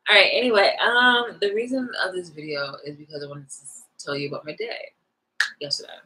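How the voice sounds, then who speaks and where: A young woman vlogging, telling a rambling story in a casual, animated rant full of fillers. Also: low-pitched, fairly quick, poor audio.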